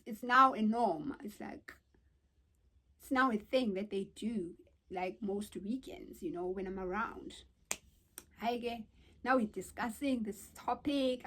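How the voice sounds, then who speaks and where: Animated young South African woman vlogger. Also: a little high. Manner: animated, exclamatory storytelling. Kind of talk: casual storytime chat.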